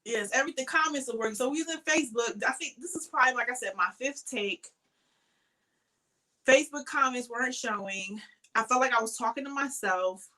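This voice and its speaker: A tired woman hosts a casual live stream with a bright, forward tone. Her pitch sits a little high. She rambles in a chatty way and greets viewers by name. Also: fairly quick, poor audio. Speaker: crochet live stream host.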